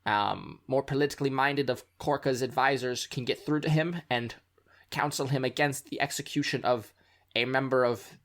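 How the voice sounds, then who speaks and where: A man's voice: medium pitch, normal speed, fairly bright tone, lightly acted. A man voicing a formal, earnest male rebel contact in a tabletop game, with a stiff, faintly transatlantic delivery. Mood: grave. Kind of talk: tabletop role-play character voice.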